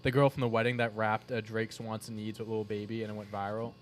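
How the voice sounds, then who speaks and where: A man from Boston co-hosting a podcast in casual, animated, jokey chat. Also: lowish voice, fast talker. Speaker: podcast co-host.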